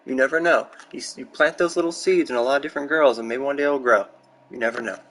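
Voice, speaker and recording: A man's voice: medium pitch, fast, low-quality recording. Young man rambling candidly on a close mic. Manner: rambling, candid, excitable storytelling. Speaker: gaming streamer. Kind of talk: casual chat while building in a game. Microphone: close desk mic.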